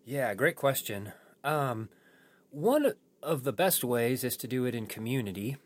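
A man's voice: medium pitch, animated. A man who is a pastor, talking through a sermon on a podcast in a thoughtful way with frequent restarts. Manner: thoughtful, halting with many restarts. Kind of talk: post-sermon podcast discussion.

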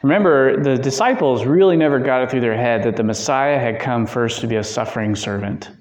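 A man's voice: medium pitch, a little fast. A man leading a Bible study discussion, talking conversationally with fillers and self-corrections. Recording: echoey room.

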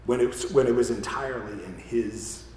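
A man's voice: mid-range voice, brisk, mellow, a little hiss or hum. A man preaching a conversational sermon, often asking "right?" and restarting his words. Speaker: pastor. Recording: echoey hall with faint ambience.

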